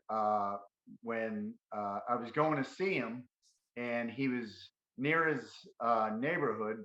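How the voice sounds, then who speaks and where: Man telling a story over a dull, echoey call line. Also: medium pitch. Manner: animated, acts out quoted dialogue. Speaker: caller giving a testimonial. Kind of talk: casual storytelling.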